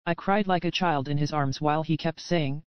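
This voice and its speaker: Smooth-voiced woman audiobook narrator. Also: sits low, brisk, dry recording, highs cut off. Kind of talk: scripted first-person audiobook narration.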